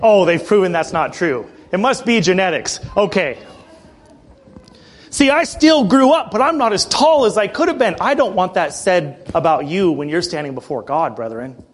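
A man preaching a sermon in a church, passionate, with joking asides and frequent throat clearing. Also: high voice, lively intonation, normal speed.

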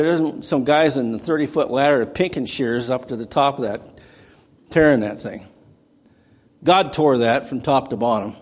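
Man preaching in a reverberant hall. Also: fairly high pitch. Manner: conversational storytelling with dramatic bursts. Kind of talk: sermon.

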